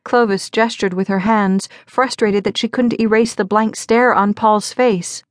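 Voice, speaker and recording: A woman narrates a mystery audiobook in a mid-range voice. She gives the characters slight shifts in pitch as they speak. The recording is dry and close, with no room sound. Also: steady tone, unhurried, dry recording. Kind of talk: scripted narration.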